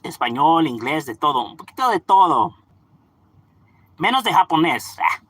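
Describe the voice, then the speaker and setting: Lively slangy man from LA. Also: on the high side, moderate pace, dry recording. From Los Angeles, California. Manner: slangy, laughs often, switches into Spanish words. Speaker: livestream host reading chat. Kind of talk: casual livestream chat.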